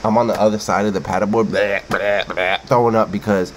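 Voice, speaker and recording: Male reaction host, slightly low voice, loose repetitive banter, faint background hum. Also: steady tone, a little fast. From Brooklyn, New York. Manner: chatty, repeats himself, playful. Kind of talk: casual video reaction commentary.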